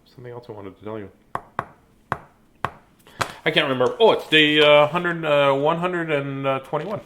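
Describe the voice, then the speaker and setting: A man in his fifties reads a children's book aloud live, chatting, joking and wandering off topic between pages in a casual way. His voice is a little high at normal speed, with background noise.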